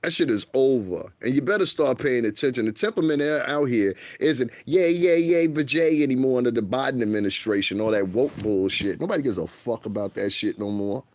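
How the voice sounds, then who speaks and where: A man's voice: medium pitch, brisk, few pauses, darkish tone, no room sound. A man giving a blunt, profane livestream rant, heated and rambling, repeating himself as he goes. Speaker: livestreamer and commentator.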